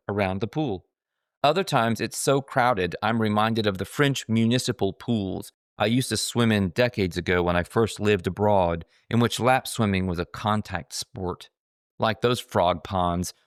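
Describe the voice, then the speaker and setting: A man's voice: lowish voice, no echo, clean studio sound. A middle-aged man narrating his own memoir in a wry, self-mocking storytelling manner.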